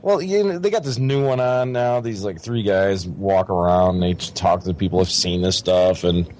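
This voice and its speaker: A man's voice: deep voice, normal speed, a little mellow, a little hiss or hum. Exasperated rambling man on radio. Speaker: radio show co-host. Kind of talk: casual chat.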